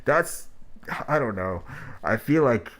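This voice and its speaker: A man's voice: medium pitch, lively intonation, slow pace, a bit bright. A man hosting track reviews in casual spoken critique, talking in a blunt, rambling, profane way, his voice muffled by a mask. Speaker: host reviewing rap tracks.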